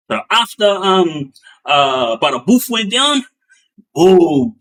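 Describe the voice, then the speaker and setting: Animated storyteller man, lightly raised voice. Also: very slow. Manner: animated, acts out sounds and quotes with bursts of raised pitch; many fillers and restarts, loose slangy delivery. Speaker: former gang member sharing prison stories. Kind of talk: casual storytelling.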